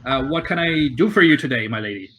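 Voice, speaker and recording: A man's voice: mid-range voice, expressive, fast talker, sharp tone, slight background noise. A man voicing a hesitant, polite male tavern keeper in a tabletop game. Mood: flustered.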